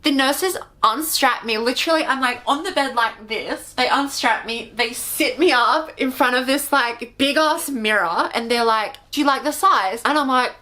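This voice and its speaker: An Australian woman telling a personal story to camera in a chatty, animated way, filling her speech with "like" and swearing freely. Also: sits high, moderate pace, hardly any pauses. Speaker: vlogger. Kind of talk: casual storytime.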